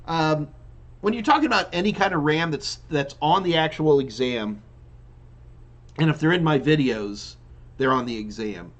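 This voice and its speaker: Here a man with a slightly high voice hosts a live Q&A, going through viewer questions at a moderate pace. An IT trainer by trade, he answers in a loose, chatty manner, restarting often and yawning again and again. The recording has its highs cut off.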